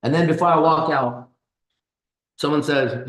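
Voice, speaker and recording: A man's voice: on the high side, unhurried, a bit bright. A man hosting a live stream in casual chat, boastful and swearing with slangy talk, in a kitchen. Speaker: host. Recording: echoey room.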